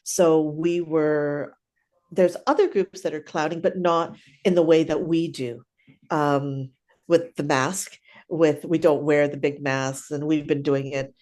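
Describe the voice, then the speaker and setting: A woman's voice: low-pitched, steady tone, measured pace, darkish tone. An older woman, a clown teacher, chatting animatedly through stories in an interview and often tagging her sentences with "right?". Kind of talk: casual storytelling interview.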